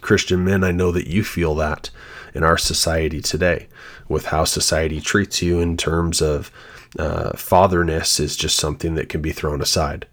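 This devotional podcast host has an extremely low voice and a flat delivery at normal speed. Earnest and reflective, he recounts his own story.

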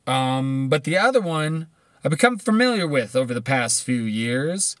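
A man with a mid-range voice, fairly bright in tone, swings his pitch widely at a moderate pace. His commentary is blunt, profane and rambling, and he keeps restarting his sentences. The studio recording is clean, with no room sound.

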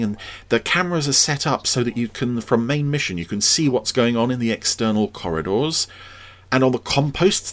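A man hosting a podcast, giving chatty, enthusiastic commentary over an old TV episode. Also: fairly low pitch. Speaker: podcast host.

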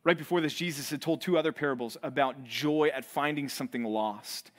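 A man, a pastor, preaching a sermon in an earnest way, his voice swelling and then dropping low for emphasis, often repeating words as he builds. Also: brisk. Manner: repeats and restarts words while building intensity.

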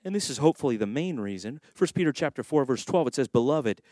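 A man's voice: medium pitch, expressive, fast talker, dark tone, no echo, studio quality. A middle-aged man preaching a sermon as pastor, chatty and conversational, slipping into acted voices and asides.

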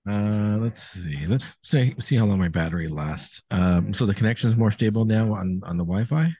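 A man with a very low, husky voice, talking loosely over a laptop call from a brewery taproom. His tone is dark and mellow, the sound close and dry, and he rambles with plenty of restarts. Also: moderate pace, dry recording. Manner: relaxed, rambling, lots of fillers and restarts. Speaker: podcast host. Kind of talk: casual chat over beers. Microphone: laptop video call.

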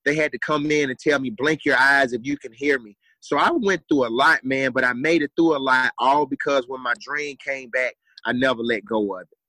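A young adult man speaks as a podcast guest, earnest and driven, hammering home repeated phrases. His voice is bright and forceful at an ordinary pitch, recorded dry with no room sound. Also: no room sound, low-quality recording. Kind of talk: motivational storytelling.

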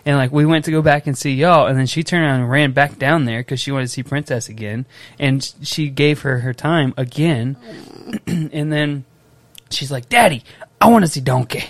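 A young man on a casual podcast, an emotional, animated storyteller who acts out his little daughter's lines. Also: medium pitch, moderate pace, dry recording. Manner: emotional, tears up easily. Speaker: podcast co-host. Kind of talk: casual chat.

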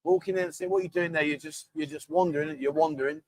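In a fast, fairly high voice with no echo, a middle-aged livestream host chats casually and reads out what viewers post. He's chatty and matey, often calling folks mate.

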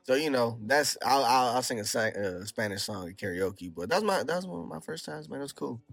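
A man's voice: mid-range voice, lively intonation, fairly quick, creaky, fairly bright tone, no echo. A man hosting a casual podcast chat, laid-back and chatty, with a dry close mic. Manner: laid-back, chatty, says "bro" a lot. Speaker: podcast host.

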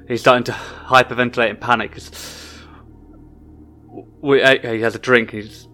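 A man describing his character's moves in a tabletop game. He speaks slowly and haltingly, restarting his sentences often. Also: medium pitch, little pitch movement, sharp tone, soft background music. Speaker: player.

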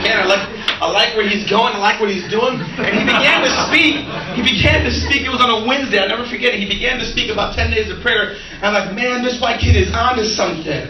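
A man preaching as a pastor, an animated storyteller who laughs and acts out the dialogue. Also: high voice, noisy background. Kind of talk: sermon with storytelling. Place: church sanctuary. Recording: echoey room from a distant mic.

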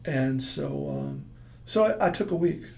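Middle-aged male entrepreneur, gravelly voice, rambling storyteller who acts out the quotes. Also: fairly high pitch, animated, measured pace, darkish tone. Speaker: entrepreneur guest. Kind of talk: storytelling in a casual interview.

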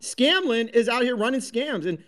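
Casting: high-pitched male host, combative, foul-mouthed rant. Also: animated, moderate pace, a bit bright. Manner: combative, heavy swearing, many restarts. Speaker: host of a crypto talk space. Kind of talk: profane live audio-room rant.

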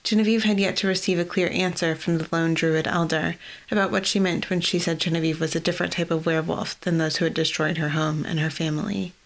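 A woman reading fantasy fiction aloud in an even, measured storytelling voice. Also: lowish voice. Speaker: audiobook narrator. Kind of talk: scripted fantasy narration.

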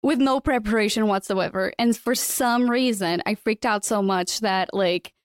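A woman whose first language is Portuguese, hosting a podcast and telling stories in a lively, casual way. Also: medium pitch, moderate pace, clear, resonant tone, dry recording, studio quality. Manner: animated storyteller. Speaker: podcast host. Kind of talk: casual interview chat.

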